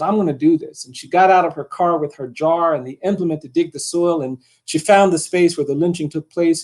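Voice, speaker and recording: A man's husky, gravelly voice, pitched a little high for a man, rises and falls in a rhythmic speaking cadence. He is a middle-aged keynote speaker who repeats phrases to build momentum. When he tells a story, his delivery turns quiet and earnest. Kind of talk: impassioned speech with storytelling.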